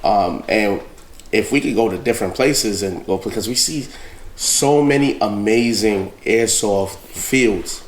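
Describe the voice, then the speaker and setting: A man co-hosting a podcast in casual chat, talking in a relaxed way and often checking in with "right?". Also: on the low side, a little slow. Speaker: podcast co-host. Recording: roomy echo.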